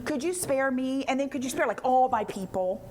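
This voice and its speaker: A woman voicing Esther, a fearful but obedient young queen, speaking in halting, hesitant pleas. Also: high voice, lively intonation, crowd noise. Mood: timid.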